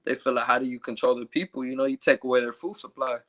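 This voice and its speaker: A man's voice: mid-range voice, fairly even intonation, fast, fairly bright tone, dry recording, low-quality recording. A man reading scripture aloud, then commenting loosely with lots of fillers and stumbling over hard words. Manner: reads verses, then riffs loosely with many fillers. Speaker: Bible study reader.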